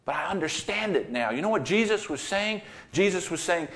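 A male pastor delivering a sermon, telling a Bible story with vivid, dynamic delivery that swings between loud and hushed. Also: high voice, animated, brisk.

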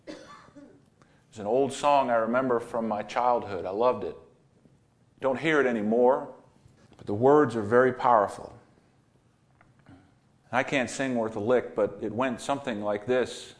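A male pastor delivering a sermon, telling a Bible story with vivid, dynamic delivery that swings between loud and hushed. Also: mid-range voice, lively intonation, a little slow.

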